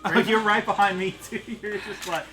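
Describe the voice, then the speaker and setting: A man's voice: high voice, steady tone, normal speed, music in the background. A man playing in a tabletop game, rowdy, laughing and swearing with his friends. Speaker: player. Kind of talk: casual tabletop game chat.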